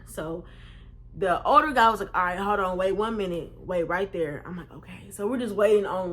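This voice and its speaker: Animated young woman telling a story. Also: normal speed. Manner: animated, swearing, acts out quotes in raised pitch. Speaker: vlogger. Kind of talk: casual storytime.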